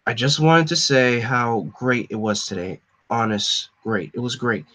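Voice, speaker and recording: A man's voice: mid-range voice, animated, a little slow, sharp tone. A man voicing a washed-up villain who leaves his son a rambling, boastful message.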